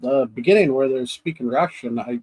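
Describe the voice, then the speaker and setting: A man's voice: medium pitch, brisk, darkish tone, breathy edge, low-quality recording. A man co-hosting a podcast in casual chat, rambling through scenes, acting out his own reactions and laughing often. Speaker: podcast co-host.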